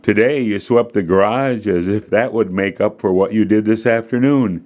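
A patient father explains a lesson in a low, even voice, firm but unhurried, as a man reads him. It belongs to a children's storybook reading. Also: close to an everyday voice. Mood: teaching. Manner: calm, instructive. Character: patient, firm father teaching his son.

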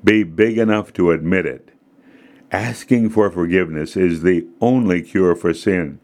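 A man voicing a patient, firm father who calmly teaches his son a lesson in a children's story. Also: sits low, a little slow. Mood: teaching. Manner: calm, instructive.

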